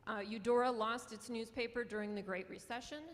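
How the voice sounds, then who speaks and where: Speaking fairly quickly at a fairly high, even pitch, this Western North Dakota journalism professor and newspaper publisher delivers a conference talk in a large lecture hall. Her North Dakota accent comes through as she speaks with earnest passion and small laughs.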